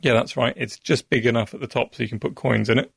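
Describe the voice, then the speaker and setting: A man's voice: medium pitch, fairly even intonation, fast, gravelly, a bit bright, slightly rough, no echo, studio quality. A man, a science expert guest, patiently explaining an experiment step by step.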